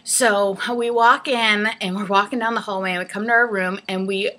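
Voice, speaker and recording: A young adult woman telling a story from her own life in a casual vlog, animated and often laughing. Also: mid-range voice, normal speed. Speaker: hairstylist telling a travel story.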